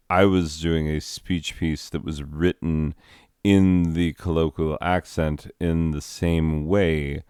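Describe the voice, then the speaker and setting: A man hosting a video, talking in a halting, self-deprecating, rambling monologue. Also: extremely low pitch, a little mellow, smooth, no room sound, studio quality. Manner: halting, self-deprecating, many fillers and restarts. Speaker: video host.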